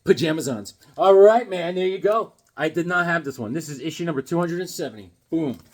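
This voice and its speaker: A man in his fifties showing off his comic books in a casual joking vlog, acting out voices with sudden loud outbursts. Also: a little high, animated, brisk.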